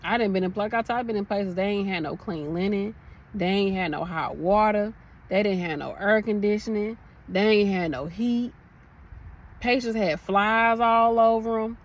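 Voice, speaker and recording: A woman's voice: medium pitch, moderate pace, muffled recording. A young woman nurse from the American South ranting emotionally to her viewers, passionate and preachy, calling them y'all. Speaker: nurse vlogger. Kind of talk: emotional casual rant to camera.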